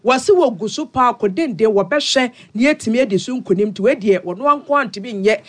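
A Ghanaian man presenting radio news and reading sponsor promos in a lively, sing-song way. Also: extremely high pitch, a little fast.

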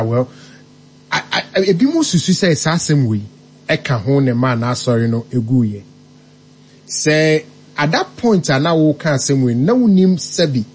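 Male commentator, Ghanaian accent, fairly high pitch, emphatic, code-switching. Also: a little mellow, breathy edge. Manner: emphatic, switches languages mid-sentence, big rises in pitch. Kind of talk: spoken commentary.

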